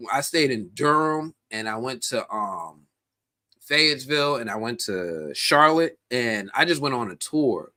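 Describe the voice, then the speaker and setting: A man hosting a live stream, chatting casually and animatedly with viewers in the chat. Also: mid-range voice. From United States. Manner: animated, talks directly to chat viewers, many restarts.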